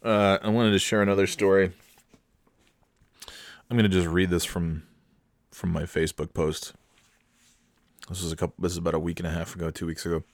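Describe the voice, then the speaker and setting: Deep-voiced dad telling a funny story. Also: male voice, dry recording. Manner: animated, laughing, with quick restarts. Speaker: father telling a family story. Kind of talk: casual storytelling.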